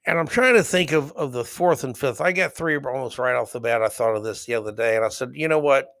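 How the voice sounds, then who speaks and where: A man's voice: mid-range voice, fast talker, a bit bright. A middle-aged man hosting his own podcast, talking bluntly and heatedly in a rambling, opinionated monologue full of stories. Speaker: podcast host.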